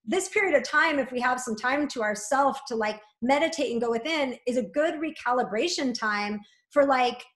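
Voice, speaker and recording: A woman guest talking in a flowing, gently encouraging way, often adding "like" and "right?". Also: high voice, normal speed, hardly any pauses, reverberant. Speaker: guest, spiritual coach. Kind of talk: reflective conversational interview.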